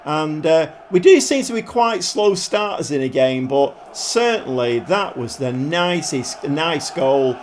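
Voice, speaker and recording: A man calls the action of his football management game in the chatty manner of a match pundit. His voice sits a little high for a man and keeps a light, eager energy. A faint hiss runs under the recording. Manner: commentates like a football pundit, with sudden excited outbursts. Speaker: gaming YouTuber. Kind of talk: excitable game commentary.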